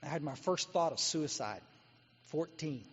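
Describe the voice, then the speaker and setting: A man's voice: a little high, animated, unhurried, slightly rough. A man from Texas giving a guest talk at a recovery meeting, blunt and exhorting as he tells his story. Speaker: guest speaker. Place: meeting hall. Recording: dull echoey hall recording.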